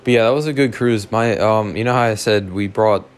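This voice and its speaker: A man's voice: fairly low pitch, brisk. A man telling a rambling, profane story in a casual, self-mocking way, like a podcast host.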